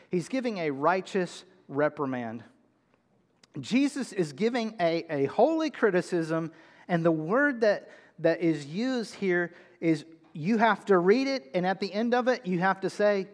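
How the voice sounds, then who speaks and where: A man delivers a sermon in a high voice, taking his time over each phrase. He stresses key words with emphatic, drawn-out shouts. His voice rings with a long reverb, as in a large hall. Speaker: pastor.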